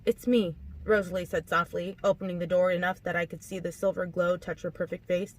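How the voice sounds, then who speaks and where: A woman reading a novel aloud in an audiobook narration, expressive and lively, acting out the dialogue. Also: on the low side, fast talker, low-quality recording. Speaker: audiobook reader.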